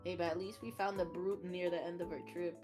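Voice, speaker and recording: A woman's voice: on the low side, fairly even intonation, a little fast, darkish tone, soft background music. A young woman friend chatting casually on a stream, teasing and reacting playfully. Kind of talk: casual chat.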